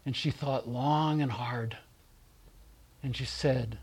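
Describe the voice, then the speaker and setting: A middle-aged man gently and warmly telling personal stories in a remembrance talk, with soft pauses. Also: medium pitch, steady tone, slightly rough. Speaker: speaker giving a spiritual reflection.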